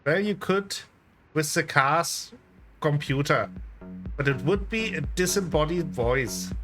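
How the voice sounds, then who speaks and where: A man's voice: on the high side, expressive, takes it slowly, fairly bright tone. A man doing a stiff German tourist. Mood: earnest. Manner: clipped, formal, blunt questions. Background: game music.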